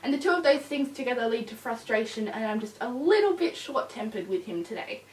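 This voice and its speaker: A woman's voice: on the high side, animated, brisk. A woman vlogger chatting casually in a rambling way, with frequent fillers, a little tired. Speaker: vlogger with a new puppy. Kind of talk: casual chat. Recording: echoey room, distant mic.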